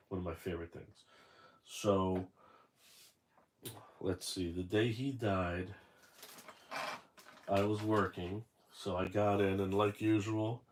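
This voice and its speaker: Low-voiced man rambling through an unboxing. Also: a little hiss or hum. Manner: rambling, self-correcting storyteller. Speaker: toy collector unboxing figures. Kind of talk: casual unboxing chat.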